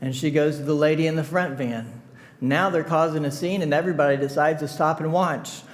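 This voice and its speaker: High-voiced animated pastor telling a story. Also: male voice, a little fast. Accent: Midwestern American. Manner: animated storyteller, laughing, shouting in retold scenes. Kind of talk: sermon storytelling. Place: church sanctuary.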